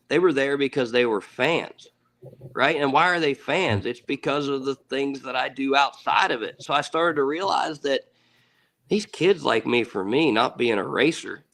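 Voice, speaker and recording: A man's voice: medium pitch, a bit bright. A man in his thirties, a guest on a podcast, telling a story in an earnest, casual way, repeating words and swearing offhandedly. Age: 30s. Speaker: podcast guest, ATV racer.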